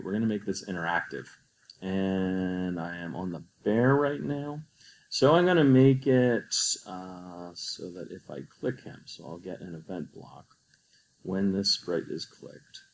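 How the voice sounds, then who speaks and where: Deep gravelly guy walking you thru a coding lesson, patient. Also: fairly bright tone, poor audio. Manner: patient, explains step by step. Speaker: teacher. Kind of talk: screen-recorded coding tutorial.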